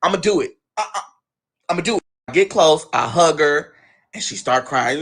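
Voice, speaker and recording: Bright, animated young man telling a story. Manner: expressive, profane, dramatic, quick swings of pitch. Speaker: storyteller, show guest.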